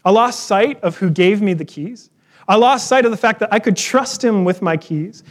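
A man preaching a sermon in a relaxed, conversational way, weaving in personal stories. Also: sits high, normal speed. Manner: conversational, storytelling with personal anecdotes. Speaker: pastor.

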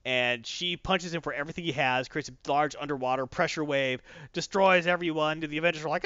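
A man's voice: a little high, brisk, pushed and bright, clean tone, no room sound. A man in a casual chat, animatedly retelling a comic story and quoting its characters, on a dull lo-fi recording. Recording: dull lo-fi, dry.

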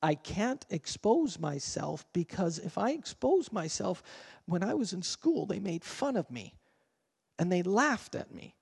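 High-voiced preaching man in a reverberant hall. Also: sing-song, measured pace, vocal fry, a little mellow, breathy edge. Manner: conversational preaching, asks the congregation questions. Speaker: pastor. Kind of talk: sermon. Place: church sanctuary.

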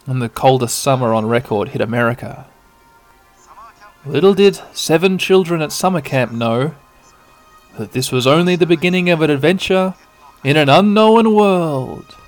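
A man's voice: on the high side, normal speed, faint music behind. Man casually narrating a game. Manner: relaxed, rambling, with filler ums. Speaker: podcast host.

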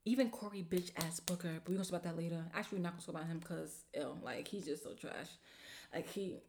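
A woman hosting her own podcast, talking in a casual, slangy, animated way and swearing freely as she rants with exasperation. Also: on the low side, background noise. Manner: slangy informal speech. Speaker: podcast host. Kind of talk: casual solo podcast rant.

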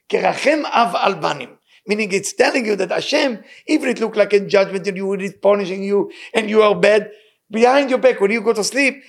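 Sermon voice: gravelly, husky man, fairly high, earnest and emphatic, English. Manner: non-native English with Hebrew phrases, earnest and emphatic. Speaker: rabbi teaching.

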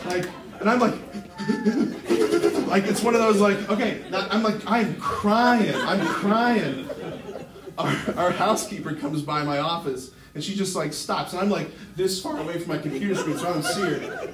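A man who is a Catholic priest, giving a lively, conversational sermon to a live audience, full of asides and fillers. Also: high voice, fairly quick. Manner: animated and conversational, with many fillers. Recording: roomy hall sound with faint noise.

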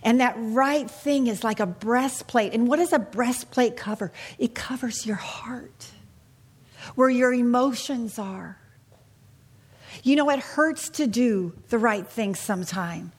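A woman's voice: on the high side, measured pace, husky. A middle-aged woman teaching the Bible to a small group in an earnest, confiding way, often asking her listeners questions.

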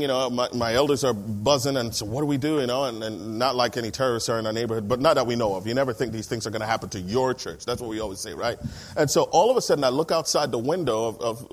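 A man, a pastor, telling a story from the pulpit and acting out the dialogue of the people in it. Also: mid-range voice. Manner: animated storyteller, acts out dialogue. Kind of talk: storytelling sermon.

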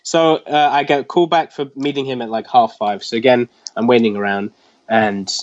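A comic artist in his twenties, appearing as a guest on a casual interview, recounts a story in a rambling, animated way full of filler words. His medium-pitched voice moves at normal speed, captured in a dull, lo-fi, dry recording with no room sound.

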